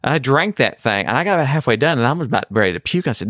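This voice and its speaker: A man's voice: mid-range voice, a little fast, dry recording, clean studio sound. A middle-aged man, hosting a podcast and telling rambling stories in casual chat. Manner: rambling storyteller, animated. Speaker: podcast host.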